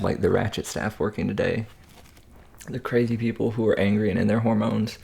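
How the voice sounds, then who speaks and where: A man's voice: lowish voice, fairly even intonation, moderate pace, gravelly, a little mellow. A man casually telling a story in slang between bites of food, as a food vlogger. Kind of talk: casual mukbang chat.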